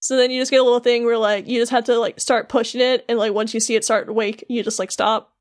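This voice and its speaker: A young adult woman co-hosts a podcast, recapping a game in casual chat. Her voice is fairly high with little pitch movement, and she talks quickly, peppering her speech with "like" and acting out the characters' lines.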